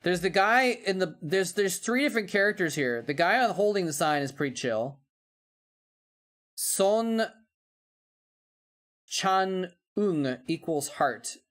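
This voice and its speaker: A man's voice: high-pitched, expressive, slow pace, pauses often, fairly bright tone. A man streaming live, chatting casually while watching old game footage, rambling and breaking off his own sentences with an amused tone. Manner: rambling, self-interrupting, amused.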